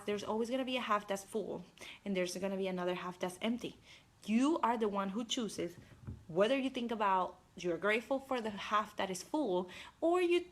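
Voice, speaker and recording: A young female life coach, medium in pitch, delivers a lively, chatty motivational talk on a live stream, addressing her viewers directly.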